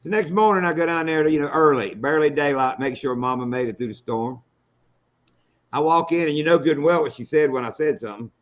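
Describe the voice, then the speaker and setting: A man's voice: on the high side, quick pace. Folksy storytelling man, lo-fi stream. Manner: folksy, storytelling, salty language. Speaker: fishing show host. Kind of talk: casual live-stream chat.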